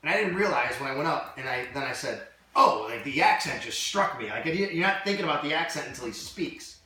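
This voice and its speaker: Brief: excitable man spinning a sports story, bright tone, echoey room and distant mic. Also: fairly high pitch, quick pace. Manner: animated storyteller, lots of "like". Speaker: sports reporter guest. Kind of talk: casual podcast chat.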